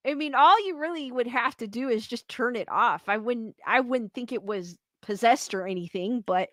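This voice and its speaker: A woman with a high, bright, sharp voice chats casually as a stream host, reading out comments and breaking into frequent laughs. The sound is close and dry, with no room around it. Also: moderate pace, no echo. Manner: chatty, laughs often, reads comments aloud. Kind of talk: casual chat.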